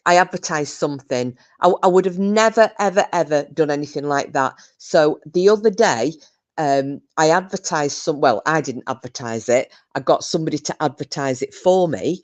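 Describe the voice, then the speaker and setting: A British woman hosts a livestream in a voice that sits low, talking at normal speed. Her casual chat mixes reading viewer comments with a rambling story full of restarts.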